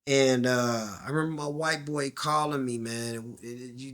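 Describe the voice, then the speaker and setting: Speaking at a moderate pace with a medium pitch and a fairly bright tone, a man guest shares his story in slang during a candid storytelling interview. He acts out quoted dialogue in different voices and sinks to a near-whisper at the tense parts.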